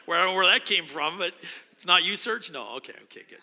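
Bright-voiced pastor in a reverberant church. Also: male voice, high-pitched, expressive, fast talker. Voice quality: conversational, musing, with frequent restarts. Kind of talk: sermon. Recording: long hall reverb.

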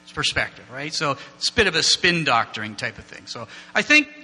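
Teaching a casual church class off slides, this man wanders between topics and jokes with those listening. His voice sits fairly high and sing-song, quick, bright and forceful, with a slight roughness, captured with long hall reverb and a hum from the mains.

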